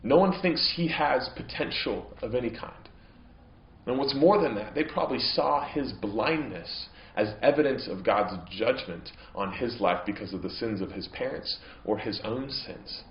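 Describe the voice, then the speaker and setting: A man's voice: mid-range voice, lively intonation, normal speed, roomy sound, muffled recording. A man preaching a sermon as pastor, earnest and growing impassioned at times. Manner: earnest preaching, voice rising into emphatic, impassioned stretches. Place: church.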